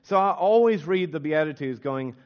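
A man's voice: on the high side, lively intonation, normal speed, dull audio. An American man preaching a sermon in a casual, conversational way, often restarting phrases and using fillers. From United States. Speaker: pastor.

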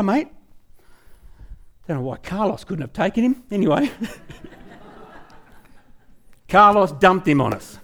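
An Australian man giving a testimony in a rambling, chatty way. His voice rises and falls a lot as he goes along. He keeps coming back to his story with "anyway". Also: high voice. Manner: animated, chatty, trails off with "anyway". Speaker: speaker at a church talk.

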